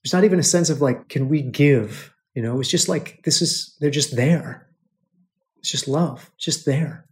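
This American man speaks in a higher register at an unhurried pace. As a podcast host, he tells his audience a personal story, repeating himself emotionally and calling his listeners brothers.

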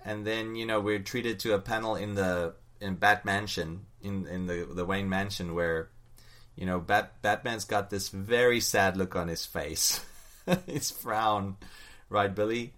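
Low voiced guy chatting comics, laughs a lot, keeps checking in with his cohost. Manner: animated, laughing often, pauses to ask his co-host. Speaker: podcast co-host discussing comics. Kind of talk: casual chat.

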